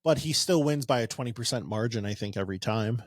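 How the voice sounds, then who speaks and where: A man's voice: medium pitch, fast, no echo, studio quality. A man co-hosting a casual political podcast, rambling with sarcastic asides. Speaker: podcast co-host.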